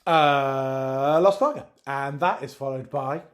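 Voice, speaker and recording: A man with a medium-pitched voice takes things slowly. Co-hosting a casual chat, he rambles, corrects himself and jokes along.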